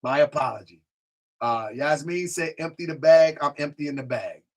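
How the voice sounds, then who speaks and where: A man with a slightly higher voice hosts a casual live stream. He repeats his phrases, answers chat, and now and then drifts away from the mic. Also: normal speed.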